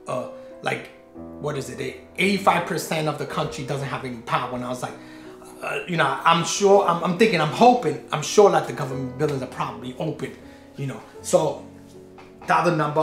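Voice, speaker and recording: A man's voice: on the high side, fairly bright tone, echoey room. A man vlogging, retelling a frustrating errand in a rambling, exasperated way with many restarts. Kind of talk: casual storytelling to camera.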